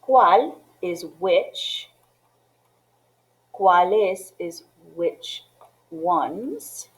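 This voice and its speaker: Over poor audio, a woman with a lowish voice and lively intonation teaches a Spanish lesson extremely slowly. She walks the class through it step by step, mixing English with Spanish phrases and often checking in with "okay?" and "right?".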